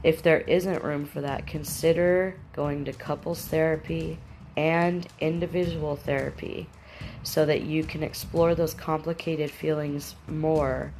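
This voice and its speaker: A woman with a low, mellow voice teaches about relationship habits. She speaks plainly and directly, giving firm, practical steps. There is a faint hum of room ambience behind her. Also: steady tone, a little slow. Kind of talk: instructional talk to camera.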